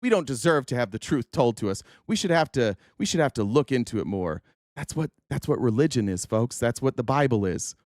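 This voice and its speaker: A man hosting a livestream of political commentary, ranting in a profane, animated way. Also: mid-range voice, a little fast, no echo, clean studio sound. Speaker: host.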